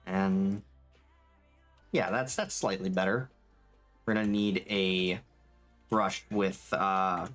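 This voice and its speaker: A live streamer chatting casually while working, reading chat aloud, swearing freely and quick to get excited and laugh. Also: low voice. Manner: gets excitable and laughs easily. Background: faint background music.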